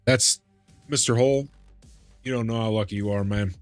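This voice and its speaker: A man's voice: lowish voice, normal speed, no echo, soft background music. A man streaming a game live, chatting casually with viewers in a chummy way and calling them big man. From Midwest US. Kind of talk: casual live-stream chat while gaming.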